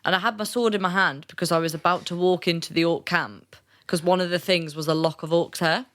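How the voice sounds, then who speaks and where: A podcast co-host with a fairly low voice speaks briskly while telling a story in casual conversation. She's animated, laughs often, and swears freely.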